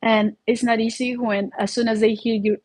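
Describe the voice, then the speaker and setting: A middle-aged woman with a foreign accent, English not her first language, telling her own story in an animated way, full of restarts and fillers. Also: fairly high pitch, normal speed, husky, dry recording, low-quality recording. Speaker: vlogger. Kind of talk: personal storytelling.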